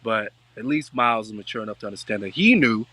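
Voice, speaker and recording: A man hosting a casual talk show, speaking in with an animated, joking delivery. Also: lowish voice, fast talker, no echo. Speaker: podcast host. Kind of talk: casual chat.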